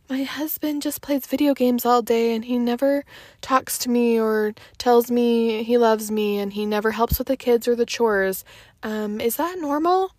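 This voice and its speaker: A woman's voice: on the high side, no echo, clean studio sound. Chatty fired-up woman podcast host. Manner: chatty and animated, veering into fired-up rants. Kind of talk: casual solo podcast chat.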